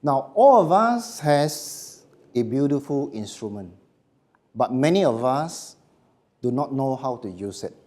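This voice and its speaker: A man giving a voice workshop to a live audience, speaking slowly and emphatically and letting his phrases drop quietly at the end. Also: mid-range voice, big pitch swings. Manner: slow, emphatic, dropping to quiet endings. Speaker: voice coach.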